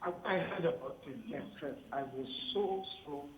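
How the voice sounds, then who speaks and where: A woman's voice: sits low, normal speed. Older woman on a dull phone line. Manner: emotional, lively tribute. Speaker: phone-in guest. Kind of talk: casual chat. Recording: roomy, dull phone line with faint ambience.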